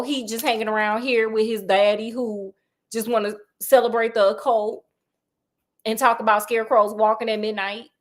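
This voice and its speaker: A woman casually retelling a book to a friend, animated, with joking asides. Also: fairly high pitch. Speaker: storyteller.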